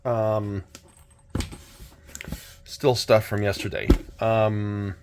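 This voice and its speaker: A middle-aged man hosting a casual unboxing chat, his voice a little hoarse, talking in a rambling, hesitant way with many restarts. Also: on the low side, level tone, extremely slow, noisy background. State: slightly hoarse. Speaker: channel host.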